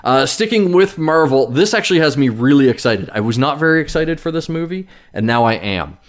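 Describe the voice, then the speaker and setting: Casting: male podcast host, lively pitch swings, casual, swears freely. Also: a little fast. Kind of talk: casual chat.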